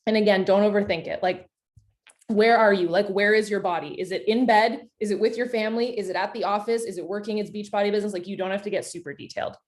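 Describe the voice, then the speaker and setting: A woman in her thirties talks an online group through a planning exercise. Her voice sits in a middle pitch, and her delivery is chatty and animated, full of casual fillers. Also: fast talker. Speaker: coach leading a live workshop.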